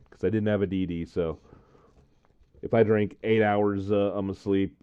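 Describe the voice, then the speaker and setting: Casual male vlogger with a lowish, smooth voice and a rambling delivery, recorded lo-fi. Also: fairly even intonation, normal speed. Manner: rambling, many fillers, quoting friends in his own voice. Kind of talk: casual storytelling to camera.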